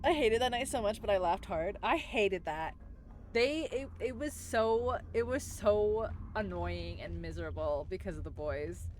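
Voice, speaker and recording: A woman's voice: on the high side, a bit bright, a little hiss or hum. A woman streamer chatting casually while playing, giggling often and rambling with lots of fillers and swearing. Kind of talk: casual gaming chat.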